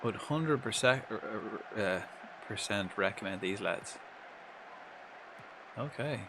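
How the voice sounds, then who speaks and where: Over a noisy background, a young man with a fairly low voice talks slowly but with lively intonation during a live game stream. He mutters unfinished thoughts, swears when things go badly, and answers his viewers casually.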